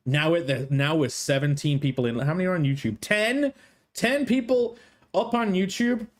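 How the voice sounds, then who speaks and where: A man's voice: fairly high pitch, sing-song, unhurried. A male streamer with a strained throat, chatting in a playful, jokey way and swearing freely. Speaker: streamer, host. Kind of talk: casual live-stream chat.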